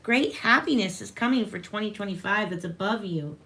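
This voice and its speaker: A woman's voice: medium pitch, normal speed, bright, forceful tone. A woman hosting a live tarot reading, chatting casually with viewers and calling them honey. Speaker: tarot reader and livestream host.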